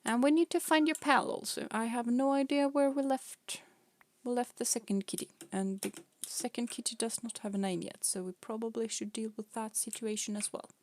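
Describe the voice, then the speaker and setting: A woman's voice: a little high, steady tone, normal speed, dry recording. A young woman streaming a game, chatting casually and playfully, often laughing and scolding her pet cats. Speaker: vtuber streamer.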